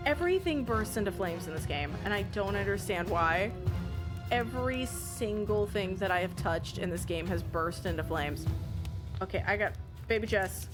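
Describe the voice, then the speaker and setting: A woman's voice: mid-range voice, expressive, moderate pace, over music. A young woman streamer chatting casually with viewers while playing a puzzle game, swearing and laughing often. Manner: chatty, swears, laughs a lot, shrieks when panicking. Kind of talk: casual live-stream commentary.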